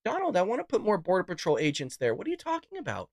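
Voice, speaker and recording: A man's voice: sits high, huge pitch swings, quick pace, vocal fry, darkish tone, dry recording, clean studio sound, exaggerated voice. A man putting on a mocking impression of an indignant female politician. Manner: indignant, exasperated.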